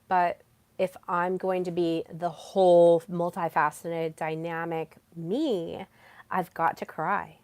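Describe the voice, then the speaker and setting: A woman's voice: fairly low pitch, dry recording. A woman hosting a solo podcast, talking frankly and casually, swearing freely and sharing personal stories. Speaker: podcast host. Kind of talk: candid solo podcast monologue.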